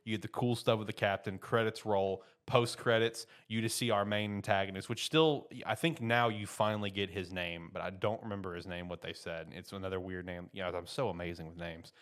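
A man with a very low voice talks casually through an anime episode. He rambles with plenty of fillers and gets animated as he retells the big scenes. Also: brisk, hardly any pauses. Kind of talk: casual anime recap chat.

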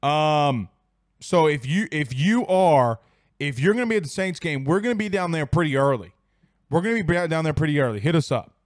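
A man's voice: fairly high pitch, lively intonation, normal speed, dry recording, studio quality. A tipsy young man hosting a sports livestream, reading viewer comments in a rowdy, profane, laughing way. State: tipsy from whiskey. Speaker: sports show host.

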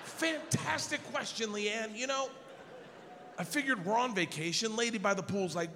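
A man doing stand-up storytelling on stage, animated and slipping into voices for the people he quotes. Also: sits high, moderate pace, noisy background. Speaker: stand-up comedian. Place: large theater stage before a live audience. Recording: live concert hall with long reverb.

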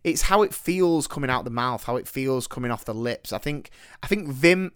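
Thirties male podcast co-host, playful and giggly, lively pitch, dry close sound. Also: normal speed, smooth, no room sound. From northern England. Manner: playful, laughs often, restarts words. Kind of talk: casual chat.

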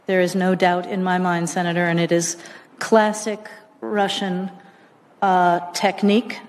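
A woman official answering a senator's questions in a hearing, speaking in a measured, careful way. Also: lowish voice, level tone, darkish tone. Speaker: government official testifying. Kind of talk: hearing testimony. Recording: archive hearing audio in a reverberant room.

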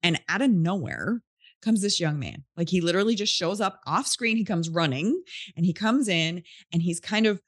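A woman's voice: lowish voice, expressive, moderate pace, husky, dry recording, studio quality. A woman podcast host telling a story in an earnest, heartfelt, casual way.

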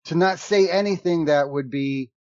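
A man's voice: on the high side, normal speed, no echo. Man on a dry, dull line. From United States. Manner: animated, laughs often, restarts sentences. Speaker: improv performer and guest. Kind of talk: casual conversation.

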